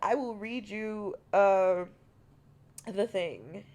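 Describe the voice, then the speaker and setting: A woman's voice: medium pitch, very slow, a little mellow. An American woman streaming and chatting casually, playful and teasing, swearing freely. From United States. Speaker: VTuber streamer.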